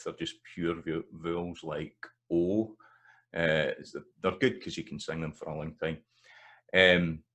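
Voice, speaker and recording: A man with a Scottish accent explaining pronunciation in a relaxed video lesson, with frequent fillers and restarts, sometimes tapping out stress patterns in rhythmic syllables. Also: low-pitched. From Scotland. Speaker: language teacher.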